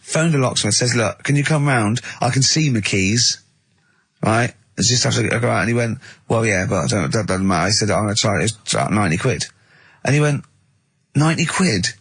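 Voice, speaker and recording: A man's voice: fairly low pitch, lively intonation, fairly quick, fairly bright tone, breathy edge, no echo. A man co-hosting a comic radio show, spinning rambling anecdotes and acting out both sides of each conversation. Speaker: radio co-host. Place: radio studio.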